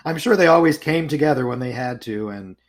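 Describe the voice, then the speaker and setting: A man's voice: medium pitch, lively intonation, fairly quick. Agreeable man interviewing. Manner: agreeable, short affirmations. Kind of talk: casual interview chat.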